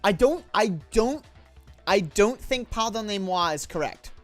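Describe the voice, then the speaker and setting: A woman casually commenting on a game she is playing, excitable and profane, with quick asides. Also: medium pitch, faint music behind. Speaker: let's play streamer.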